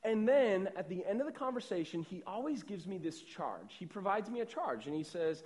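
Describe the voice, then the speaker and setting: A young man delivering a sermon in a relaxed, conversational pastor's voice that sits high for a man. He often repeats himself and checks in with the room. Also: moderate pace, few pauses. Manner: conversational, repeats words and asks "right?".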